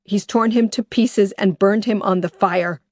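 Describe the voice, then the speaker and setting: A woman's voice: medium pitch, a little slow, a little mellow, no echo, close to an everyday voice. A woman voicing a desperate, determined woman who talks in an urgent, pressing way.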